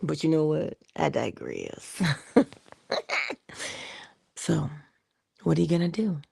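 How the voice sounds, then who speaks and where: A woman hosting a casual motivational livestream, playful and chatty, slipping into whispery asides and animated quoted voices. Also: takes it slowly, no room sound, clean studio sound. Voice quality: low gravelly husky voice. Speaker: livestream host.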